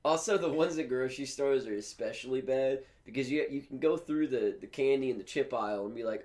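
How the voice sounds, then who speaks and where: A man's voice: mid-range voice, fairly quick, hardly any pauses, darkish tone. A young man co-hosting a comedy podcast, teasing dryly and laughing often. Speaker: podcast co-host. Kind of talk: casual comedic banter.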